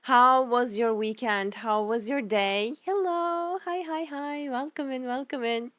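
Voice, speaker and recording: A young woman with a bright, high voice chats live with her stream audience, bubbly and effusive, laughing easily. The sound is dry and close, with no room echo. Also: a little slow. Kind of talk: live game stream chat.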